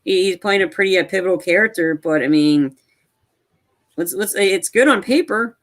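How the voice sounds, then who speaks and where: Male podcast co-host, casual chat, rambling, excitable, restarts a lot, slightly high voice. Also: normal speed.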